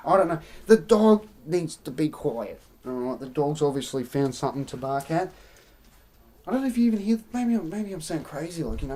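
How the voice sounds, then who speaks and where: A woman's voice: low-pitched, warm tone, slight background noise. An Australian woman hosting a live stream, rambling through opinions and answering her chat in casual commentary. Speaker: livestream host.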